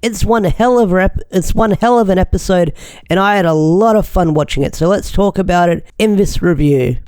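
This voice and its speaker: A man's voice: high-pitched, moderate pace, a little mellow, smooth, no room sound, clean studio sound. A young man chatting enthusiastically as he reviews an episode, rambling with restarts. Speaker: show reviewer. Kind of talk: casual video review.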